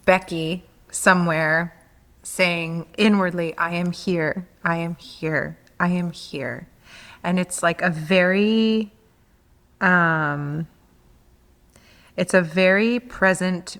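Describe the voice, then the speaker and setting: Low-voiced woman in a reverberant room. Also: a bit bright. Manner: reflective, searching for words. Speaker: podcast co-host. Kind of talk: reflective conversation.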